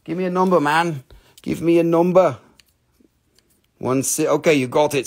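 A man's voice: on the high side, a little fast, gravelly. A man hosting a live stream that sells crystals and minerals, with rambling, joking, playfully crude sales patter. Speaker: host selling crystals and minerals.

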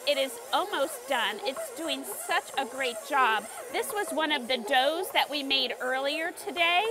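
Bubbly woman demonstrating a recipe. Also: high voice. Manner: bubbly and encouraging. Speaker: recipe guest and cooking demonstrator. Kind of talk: live cooking demonstration. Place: TV studio kitchen.

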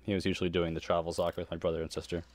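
A man chatting casually while playing a video game, excitable and sarcastic, laughing often. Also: low-pitched, rapid-fire. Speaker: gamer and co-host. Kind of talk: casual gaming chat.

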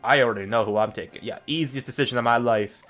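A young man playing a video game and commenting casually, excitable and laughing often, sometimes reading the game's lines out in silly voices. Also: mid-range voice, fast talker. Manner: excitable, laughs a lot, shouts and mocks game dialogue. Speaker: gaming streamer. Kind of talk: casual let's-play commentary.

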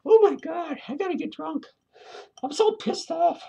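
Here a man does a full character voice, very high-pitched, gravelly and mellow, at an unhurried pace. He's a lonely woman clown reviewing movies, ranting crossly with lots of swearing and laughing between lines, played as comedy.

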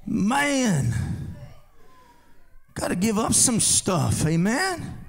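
Man, pastor, very high pitch, gravelly, shouted sing-song revival preaching, call-and-response, live church service. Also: huge pitch swings, drawn-out words. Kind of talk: revival sermon.

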